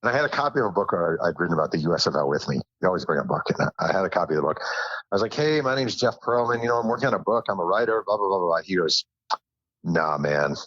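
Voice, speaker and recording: A man with a deep, low voice tells stories as a podcast guest, slipping into the voices of the people he quotes and poking fun at himself. The sound is dry and a little dull, like a lo-fi remote mic. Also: very fast, slightly rough, no echo. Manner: animated storyteller who acts out quotes, self-deprecating. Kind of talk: casual interview storytelling.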